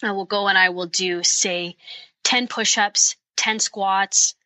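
A woman talks through her training routine on a podcast, practical and enthusiastic. Her voice is bright and forceful. The sound is dry and close to the mic. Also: mid-range voice, steady tone, slow, no room sound, low-quality recording. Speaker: guest, bowhunter and fitness coach. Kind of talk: podcast interview, explaining tips.

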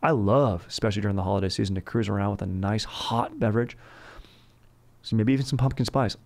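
Gravelly bro-talking man. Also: lowish voice, quick pace, a little mellow. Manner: bro-speak, calls everyone dude and bro; rambling, boastful salesman banter. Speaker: podcast host. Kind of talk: comedic podcast monologue.

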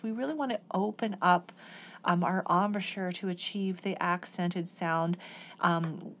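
Unhurried oboe teacher lady, lowish voice, patient and methodical, walks thru the rhythms. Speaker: oboe professor. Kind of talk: music lesson explaining an etude.

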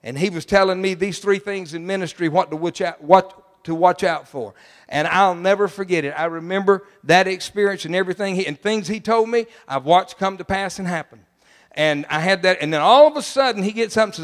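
A man's voice: high voice, fairly quick, big-room sound. A middle-aged man, preaching a sermon as pastor in an emphatic, folksy way. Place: church sanctuary.

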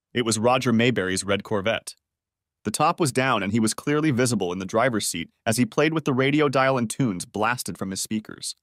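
A man's voice: medium pitch, no room sound. Man narrating a story, dry close sound. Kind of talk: first-person story narration.

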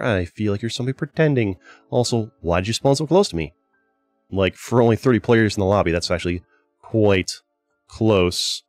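Lively low-voiced man commenting on gameplay. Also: dry recording. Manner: chatty, exasperated outbursts at teammates. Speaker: gaming channel host. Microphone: desk microphone.

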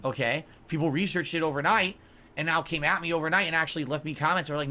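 A man's voice: on the high side, quick pace, bright, forceful tone. A man in his forties, a gaming streamer, ranting defensively and scolding his audience on his podcast stream. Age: 40s.

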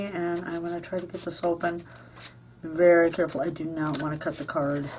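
A woman's voice: lowish voice, darkish tone, slight background noise. A woman hosting a casual craft vlog at home, gushing and chatty with lots of ums and uhs. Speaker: crafting channel host.

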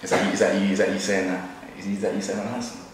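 Young man, laid-back and teasing, low voice, in a very echoey room with dishes clinking. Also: level tone, rapid-fire, far from the mic. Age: young adult. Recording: very echoey room, faint noise.

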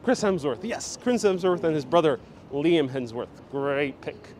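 Man, live walking tour host, fairly high voice, jokey and chatty, phone on a gimbal, faint street noise. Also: animated, measured pace, a little mellow. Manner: jokey, chatty, reacting to viewer comments. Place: outdoors and in a busy city station. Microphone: handheld phone on gimbal.

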